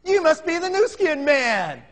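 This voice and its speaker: A man voicing an older, homey grandmother, raising his voice high and drawing out her words. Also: big pitch swings, a little slow, slight background noise. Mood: chatty. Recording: long reverb in a hall.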